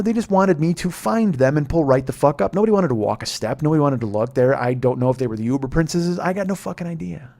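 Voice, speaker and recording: A man hosting a podcast, telling a profane, ranting comedic story that swings between muttering and loud exasperation. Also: on the high side, lively intonation, quick pace, hardly any pauses. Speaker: podcast host. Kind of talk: rambling comedic monologue.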